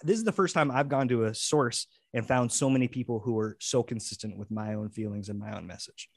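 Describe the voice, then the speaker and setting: A man speaking as a podcast co-host in casual chat, earnest and full of restarts. His voice sits at a middling pitch, recorded close and dry with no room sound. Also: fairly quick, creaky, no echo. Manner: rambling, many restarts, earnest.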